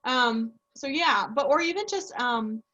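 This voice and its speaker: Woman teacher, casual colleague chat, slightly high voice, acts out quotes, dull lo-fi sound. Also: animated, unhurried, bright, forceful tone. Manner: chatty, acts out quoted speech. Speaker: language teacher. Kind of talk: casual professional discussion.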